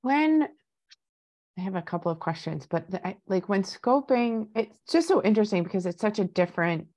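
A woman's voice: mid-range voice, big pitch swings, normal speed, mellow. A woman hosting a podcast, asking long, rambling questions that pile several together in casual talk. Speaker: podcast host.

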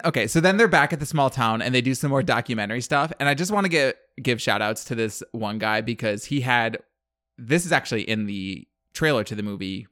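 A man's voice: mid-range voice, a bit bright, dry recording, studio quality. A man telling a movie plot in casual chat, rambling with lots of fillers and acted-out quotes. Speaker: podcast co-host.

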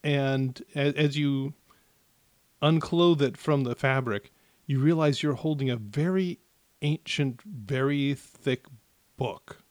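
A man narrating as game master of a tabletop game, with many pauses and restarts. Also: medium pitch, darkish tone, dry recording. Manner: hesitant, many fillers and restarts.

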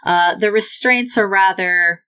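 A woman narrating a tabletop game as game master in a slow, atmospheric way. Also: medium pitch, sharp tone, clear, resonant tone, rough recording.

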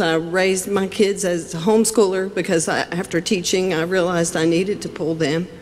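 A woman speaks at a public hearing, earnest and a little halting. She quotes scripture, and her voice carries a long echo from the hearing room. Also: mid-range voice, a little mellow, slight background noise. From West Virginia. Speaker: public commenter at a legislative hearing. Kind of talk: public testimony.

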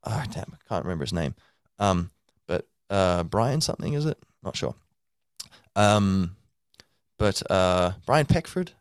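A man's voice: deep voice, animated, unhurried, clear, resonant tone, no echo, clean studio sound. A man hosting a podcast, talking casually in a loose, rambling monologue full of fillers and restarts. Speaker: podcast host.

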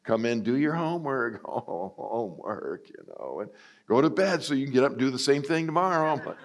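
A middle-aged man preaching a sermon in a conversational, self-mocking way, often acting out quoted lines with sudden jumps up in pitch. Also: expressive, quick pace. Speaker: guest preacher. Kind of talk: sermon with personal storytelling.

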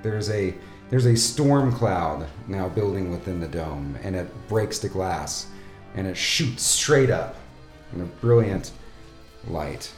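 A man narrating a tabletop game as game master, in a dramatic, lively way. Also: deep voice, slow pace. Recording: echoey room with faint music.

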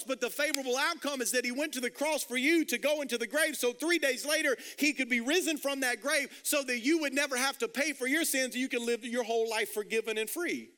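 A man's voice: very high-pitched, brisk, hardly any pauses, pushed and bright, smooth. A male pastor preaching a sermon, urging the congregation on with repeated calls to write things down. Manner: urgent, repetitive exhortation with call-and-response.

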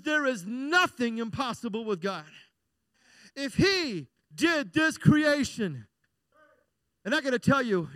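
A man preaching a sermon with a high, bright, ringing voice. His tone is smooth and clear, and he builds from quiet appeals to impassioned shouts. The sound is close and dry. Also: no echo. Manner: impassioned preaching, rising to shouts and sung lines. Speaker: pastor. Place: church.

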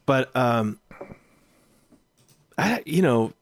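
A man's voice: medium pitch, lively intonation, very slow, creaky. A man co-hosting a film podcast, chatting and musing aloud, often trailing off into questions. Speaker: podcast co-host. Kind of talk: casual film discussion.

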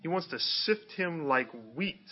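A man with a drawl delivers a conversational sermon, tossing rhetorical questions at the congregation. His voice sits a little high for a man, and the recording sounds dull and lo-fi. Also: lively intonation, unhurried. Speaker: pastor.

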